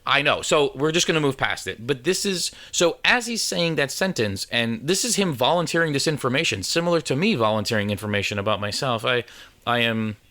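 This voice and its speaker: A man's voice: medium pitch, lively intonation, brisk, pushed and bright. A man co-hosting a podcast, telling a rambling anecdote in casual chat, with restarts and acted-out quotes. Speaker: podcast co-host. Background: drinking from a can while talking.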